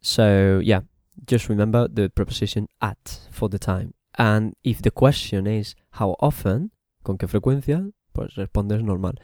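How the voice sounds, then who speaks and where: Male English teacher, mellow. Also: fairly low pitch, dry recording, clean studio sound. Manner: switches between English and Spanish, repeats phrases slowly. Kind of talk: bilingual language lesson.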